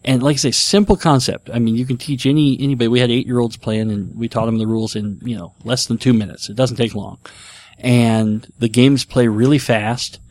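A man's voice: medium pitch, fairly even intonation, brisk, a little mellow, no echo. A middle-aged man hosting a casual chat, talking enthusiastically and rambling with fillers. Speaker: podcast host. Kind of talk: casual chat about board games.

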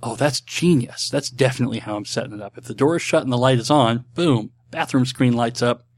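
A man from Texas hosting a podcast, talking in a loose, rambling way with plenty of ums and quick self-deprecating jokes. His voice sits at an ordinary middle pitch for a man. It sounds like a relaxed solo chat into a desk microphone. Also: no echo. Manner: chatty, self-deprecating, with frequent ums and asides. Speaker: podcast host answering listener questions. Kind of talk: casual rambling monologue.

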